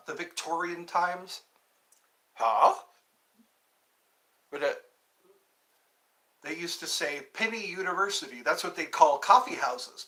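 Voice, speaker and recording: Guy rambling on his livestream, bright tense voice, keeps cutting himself off. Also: a little high, rough recording. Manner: rambling, self-interrupting, chatty. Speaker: livestream host. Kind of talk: casual live-stream chat.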